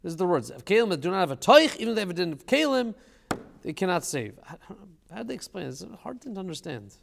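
A man's voice: sits high, sing-song, fast talker, creaky, long reverb tail. A man teaching a casual study session, thinking aloud and asking questions, with Hebrew terms mixed into his English.

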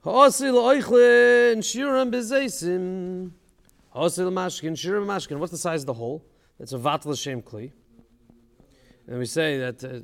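A man's voice: mid-range voice, gravelly, in a large hall. A man teaching a casual study session, thinking aloud and asking questions, with Hebrew terms mixed into his English.

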